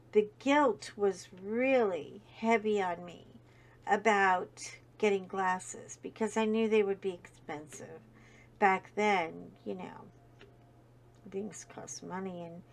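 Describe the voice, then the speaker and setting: A woman hosting a chat video, telling a heartfelt personal story in a rambling way with many fillers. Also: medium pitch. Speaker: host. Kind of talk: casual storytelling.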